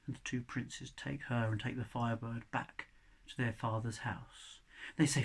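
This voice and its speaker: A male storyteller telling a folk tale aloud, swinging between loud passages and hushed whispers. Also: medium pitch, steady tone, normal speed, gravelly, slightly rough.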